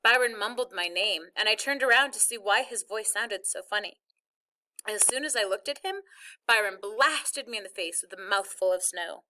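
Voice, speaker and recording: A woman's voice: medium pitch, normal speed, pushed and bright. A woman reading a first-person novel chapter aloud as narrator. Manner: plain storytelling.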